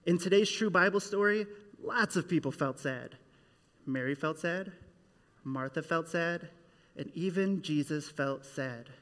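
A man leading a children's church service, telling a Bible story and getting the kids to act along with him. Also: fairly high pitch. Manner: animated, leads kids in call-and-response. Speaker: children's minister. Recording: echoey hall.

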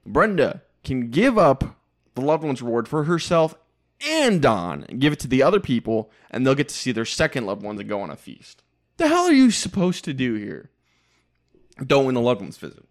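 A male podcast co-host recaps a reality show, his pitch jumping around a lot as he talks. He's blunt and opinionated, with a relaxed, conversational delivery.

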